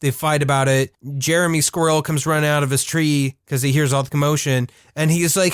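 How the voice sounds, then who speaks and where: A man co-hosting a podcast, chatting casually about an old cartoon in a rambling, animated way with frequent laughter. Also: fairly high pitch, brisk, hardly any pauses, clear, resonant tone, no room sound, clean studio sound. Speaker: podcast co-host. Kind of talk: casual chat reviewing a cartoon.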